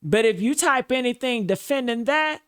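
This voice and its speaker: A woman's voice: on the high side, animated, moderate pace, smooth. A woman host giving a scripted commentary monologue, preacher-like and full of repeated phrases.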